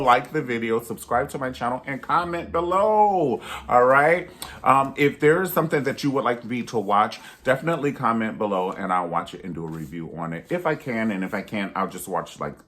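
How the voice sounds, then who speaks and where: In his casual vlog, a thirtysomething YouTube reviewer spins stories energetically. To act out what people said, he leaps into high voices.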